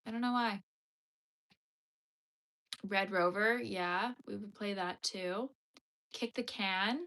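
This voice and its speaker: A woman's voice: mid-range voice, slow pace, fairly bright tone. A woman hosting a crochet livestream, chatting casually and answering viewer comments as they come in. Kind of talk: casual chat with live viewers.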